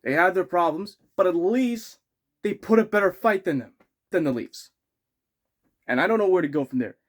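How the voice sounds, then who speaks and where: A man's voice: high-pitched, animated, normal speed. A man ranting as a hockey fan vlogger, rambling and frustrated, with many restarts and self-corrections. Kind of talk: sports fan rant.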